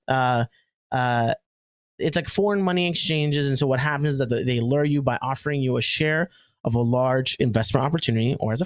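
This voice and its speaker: This podcast co-host has a mid-range voice and a clean studio sound with no room sound. He keeps things casual and chatty, joking around with plenty of fillers and restarts.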